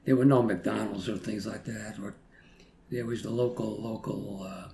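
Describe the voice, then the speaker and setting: A man's voice: fairly low pitch, fairly even intonation, moderate pace, gravelly, mellow. An eighty-two-year-old man, reminiscing in casual chat and chuckling as he rambles through stories. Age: 80s. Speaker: guest. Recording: roomy echo, faint noise.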